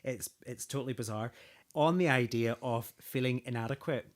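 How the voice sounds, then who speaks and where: A man's voice: mid-range voice, moderate pace. A man co-hosting a podcast, talking in a reflective, hesitant way and often repeating words as he asks questions. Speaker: podcast co-host. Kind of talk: casual podcast chat.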